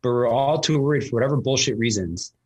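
A man's voice: medium pitch, quick pace, a little mellow, slightly rough. A man talking casually as a host, telling a long story with lots of fillers and restarts. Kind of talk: casual conversation.

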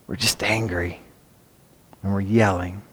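A man's voice: sits low, fairly even intonation, unhurried, fairly bright tone, breathy edge. A man preaching a sermon, emphatic and earnest, often repeating words as he drives points home. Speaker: pastor.

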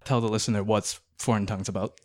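A man hosts an interview podcast in a relaxed, conversational way. He talks casually and leans on filler words as he works through his questions. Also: on the low side, fast. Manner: casual, uses filler "like" often. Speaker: podcast host.

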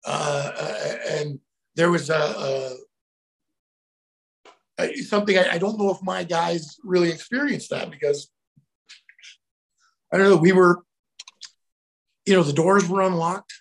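Gravelly, high-voiced man telling stories. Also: a little slow, long pauses. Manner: animated, acts out quotes with sudden shouts. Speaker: guest. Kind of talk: casual storytelling.

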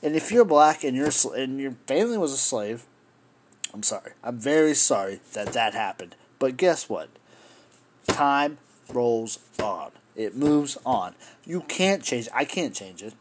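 A man's voice: mid-range voice, very animated, measured pace, slight background noise. A man hosting a solo podcast, talking in an impassioned, rambling way, swearing and addressing his listeners as folks. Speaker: podcast host. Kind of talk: solo political podcast rant.

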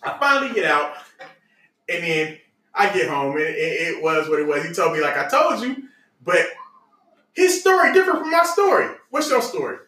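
Male podcast host, lively laughing storyteller, bright voice, roomy sound from off-mic. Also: a little high, normal speed. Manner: laughing, animated storyteller with loose casual grammar. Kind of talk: casual storytelling chat. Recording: echoey room, mic at a distance.

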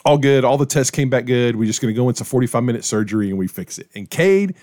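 A middle-aged man, a pastor, casually telling a story to his co-hosts with lively acted-out quotes. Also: mid-range voice, fast, dry recording, studio quality. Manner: animated storyteller, acts out quoted voices.

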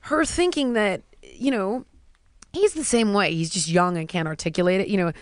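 A woman in casual chat, telling stories in an animated way and acting out what people said. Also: mid-range voice, moderate pace, no room sound, studio quality. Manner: animated storytelling, acting out quotes.

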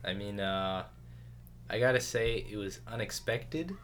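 A man hosting a podcast in casual chat, laid-back and trailing off into quieter asides. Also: lowish voice, lively intonation, measured pace, a little hiss or hum. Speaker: podcast host.

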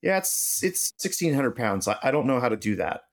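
A man, a podcast guest and machinist, telling stories in casual conversation and acting out quoted dialogue with lively shifts in his voice. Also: medium pitch, fairly quick. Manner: animated, acts out quoted dialogue. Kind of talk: casual storytelling interview.

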